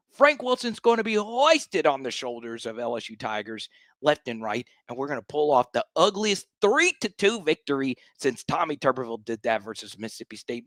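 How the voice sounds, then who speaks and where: A man's voice: medium pitch, very animated, moderate pace, a bit bright, no echo. A man hosting a sports fan livestream, ranting in a fired-up, hyped way and repeating lines for emphasis. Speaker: sports show host.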